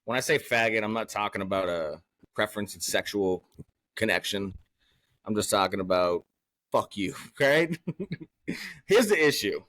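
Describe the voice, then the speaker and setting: A man's voice: lowish voice, lively intonation, normal speed, long pauses, a bit bright, no room sound. A man hosting a casual podcast, swearing constantly and swinging from angry rants to hyped cheer. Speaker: podcast host.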